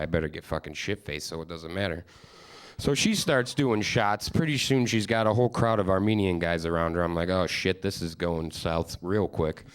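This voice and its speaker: A young man hosting a live stand-up special, telling loose, self-mocking stories with crude punchlines on a studio stage. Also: low-pitched. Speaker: stand-up comedian and host. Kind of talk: stand-up comedy set.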